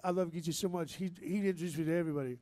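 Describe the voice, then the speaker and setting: A man's voice: on the high side, steady tone, very fast, dark tone. A man, a band member telling heartfelt, rambling stories at a live music venue, full of restarts and Southern slang.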